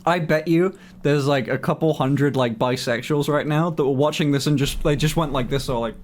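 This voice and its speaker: A man's voice: on the high side, moderate pace, slight background noise. A man in his twenties chatting casually on a livestream, answering viewer questions candidly, swearing freely and laughing often. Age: 20s. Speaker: streamer.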